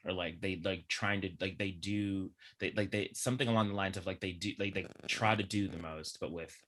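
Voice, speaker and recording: A young man with a low voice that still has a bright, forceful edge. He chats animatedly as a podcast guest and piles filler words into his run-on thoughts. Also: brisk. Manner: animated, chatty, heavy use of filler words. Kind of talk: casual chat.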